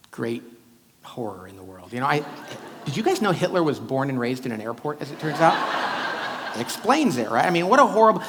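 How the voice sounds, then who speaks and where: A man's voice: high-pitched, a little hiss or hum. A man giving a keynote talk to a live audience, telling stories and acting out the people in them. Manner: animated, acts out quoted voices. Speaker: keynote speaker. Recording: reverberant hall.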